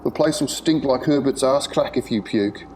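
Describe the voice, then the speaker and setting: A man voicing a crazed, wiry male prisoner with a Scouse accent who jeers loudly and swears. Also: medium pitch, normal speed, slight background noise, pitched above the performer's own voice, natural voice. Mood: annoyed. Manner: loud, jeering, coarse.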